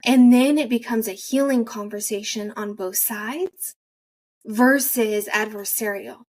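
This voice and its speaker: A woman's voice: fairly high pitch, a little slow, a little mellow. A woman hosting a podcast interview, speaking conversationally with encouraging remarks. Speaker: podcast host.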